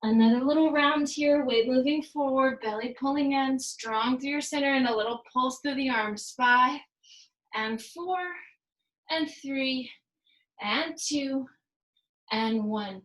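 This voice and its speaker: A woman instructor leading a yoga and fitness class, calmly cueing each movement and counting reps down, sometimes adding Spanish phrases. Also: high voice, slow, roomy sound, poor audio. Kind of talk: guided workout instruction with counting.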